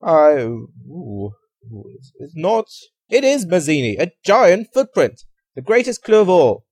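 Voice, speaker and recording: A man putting on a flamboyant, eccentric detective who lectures and bursts into high-pitched exclamations, his pitch leaping all over. The voice sits up above a normal man's talk, dry and close with no room sound. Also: huge pitch swings, measured pace, darkish tone, breathy edge, dry recording, full character voice. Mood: excited. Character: eccentric excitable male detective, grandiose.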